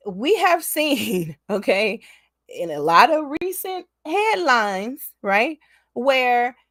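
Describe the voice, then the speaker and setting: A woman vlogger telling a story straight to her viewers in a casual, animated way, laughing often. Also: high voice, no echo, clean studio sound.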